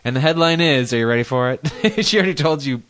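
A man's voice: on the high side, lively intonation, fast, fairly bright tone. A man co-hosting a crude comedy podcast, chatting casually, laughing often and reading listener mail aloud with mock emphasis. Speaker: podcast co-host.

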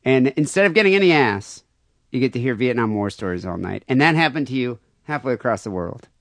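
A man's voice: medium pitch, animated, brisk, fairly bright tone, no echo. A man hosting a podcast, teasing his guest in casual chat. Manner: teasing, wisecracking. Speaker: podcast host.

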